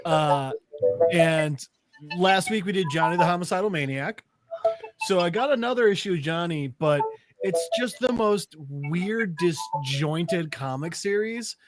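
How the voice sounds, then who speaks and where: A man's voice: sits high, a little slow, soft background music. A man co-hosting a podcast segment, retelling a comic in casual chat and acting out the characters' voices as he goes. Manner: animated storyteller, acts out voices.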